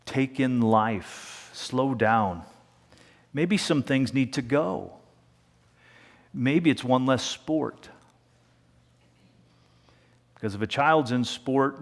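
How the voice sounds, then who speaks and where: A man preaching a sermon as pastor, talking in a conversational way and slowing down to a hush for emphasis. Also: medium pitch. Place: church sanctuary. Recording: long reverb of a church hall.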